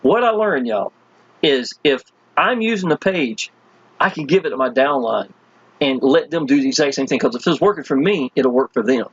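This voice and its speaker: A man giving a casual, enthusiastic sales pitch as he walks through web pages, speaking folksy and chatty. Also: expressive, moderate pace, husky, dry recording, muffled recording. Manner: folksy and enthusiastic, constantly addressing listeners as "y'all". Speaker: online marketing promoter.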